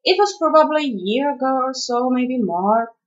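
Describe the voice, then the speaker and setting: A woman's voice: high voice, lively intonation, normal speed. A young woman from the Czech Republic with a Czech accent, speaking English as a non-native and reading out a word list in a casual home video, hesitating with many fillers. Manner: hesitant, many "uh" fillers, careful spelling-style pronunciation. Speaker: vlogger. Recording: dull lo-fi home video audio.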